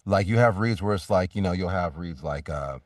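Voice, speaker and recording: Low-voiced man, far from the mic. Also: expressive, normal speed, a little mellow, dry recording, clean studio sound. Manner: rambling, many restarts and fillers, acts out sample reads. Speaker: voice actor guest. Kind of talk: casual interview talk.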